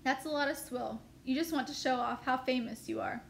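A woman's voice: high voice, brisk, vocal fry, slight background noise. A woman reading a novel aloud, voicing a pert, teasing farm boy in a plain, lightly voiced way.

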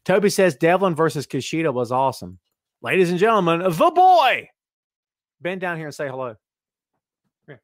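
A man's voice: a little high, normal speed, pauses often, dry recording, studio quality. A man hosting a podcast in a casual live-stream chat, reading viewer comments aloud and joking straight to the chat. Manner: excitable, jokey, talks straight to the chat. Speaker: podcast host.

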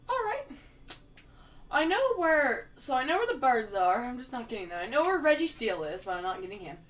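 A woman giving casual, jokey commentary while she plays a video game, with sudden loud outbursts. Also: sits high, very animated, fairly quick, recorded from a distance. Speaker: gamer playing through a video game.

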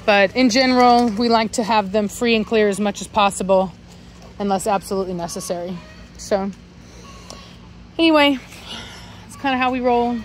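A woman's voice: medium pitch, moderate pace, long pauses, a little hiss or hum. A woman breeder chatting casually outdoors among her dogs, scolding them sharply and cooing at them. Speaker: dog breeder. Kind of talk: casual vlog talk to camera and dogs. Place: outdoors in a dog yard.

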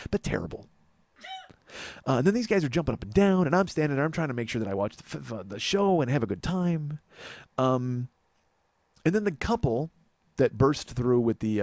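A man in his forties hosting a comedy podcast, telling a story in an exasperated, profane, animated way. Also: mid-range voice, brisk, dry recording. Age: 40s. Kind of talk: storytelling monologue.

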